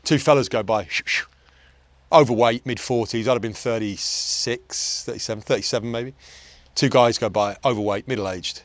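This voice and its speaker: A man's voice: mid-range voice, moderate pace, no room sound. Forties guy coaching type, intense and blunt, swears a bit, dry close mic. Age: 40s. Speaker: performance coach. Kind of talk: casual chat. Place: golf course outdoors.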